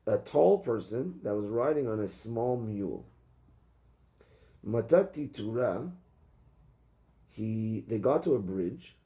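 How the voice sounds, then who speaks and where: A man, a rabbi, teaching a Talmud class, reading out the text and translating it into casual talk, with many halting restarts. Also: on the low side, mellow.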